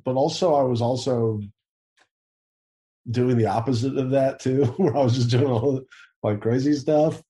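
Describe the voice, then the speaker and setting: A man's voice: medium pitch, steady tone, a little slow, long pauses, mellow. A young man answering interview questions over a video call in casual chat, rambling, laughing often and swearing casually. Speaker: interview guest.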